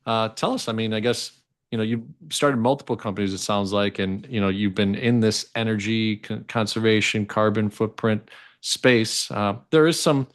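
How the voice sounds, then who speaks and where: A male interview host with a fairly low voice. He asks his questions in a loose, meandering way, stopping and restarting as he searches for words. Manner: rambling, halting questions full of restarts.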